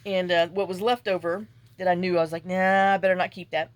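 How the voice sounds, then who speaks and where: A woman's voice: fairly low pitch, level tone, fairly quick, no echo. A woman vlogger telling a story in a chatty, exasperated way while she works on a papercraft project at home. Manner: chatty, exasperated, salty venting. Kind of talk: casual storytelling while crafting.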